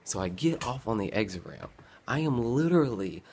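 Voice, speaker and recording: A man's voice: fairly low pitch, brisk, slightly rough. Young man rambling through a story. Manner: rambling, animated, acts out his past self with groans and sighs. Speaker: vlogger. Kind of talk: casual storytelling.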